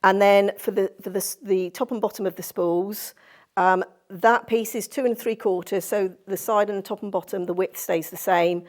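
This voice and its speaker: A woman's voice: mid-range voice, steady tone, moderate pace, a little mellow. A woman presenting a quilting tutorial in a sewing studio, chatty and effusive as she gushes over fabrics. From Cornwall, England. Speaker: sewing instructor.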